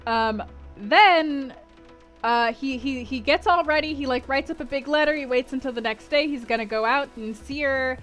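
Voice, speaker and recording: High-voiced woman streamer, chatty, says like a lot, soft music behind. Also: normal speed. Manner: chatty, lots of fillers and "like". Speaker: streamer hosting a book club. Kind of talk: casual recap of a novel.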